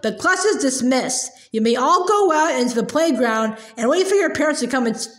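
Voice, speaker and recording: Steady kind teacher as a storyteller puts her on, light high voice, roomy sound. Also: moderate pace. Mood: relieved. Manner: gentle, steady. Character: kind calm young woman teacher.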